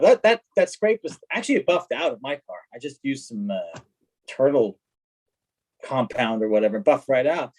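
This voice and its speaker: A man telling stories in a casual chat as a guest, lively, acting out what people said. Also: sits high, moderate pace, poor audio. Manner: animated, acts out quoted dialogue. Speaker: guest, car collector. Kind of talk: casual storytelling.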